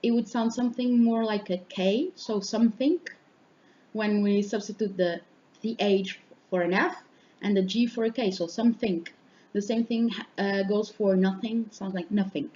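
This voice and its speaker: A young adult woman, a student, gives a class oral presentation and explains each point step by step, pausing often with fillers. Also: mid-range voice, fairly even intonation, mellow. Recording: dull lo-fi sound with faint noise.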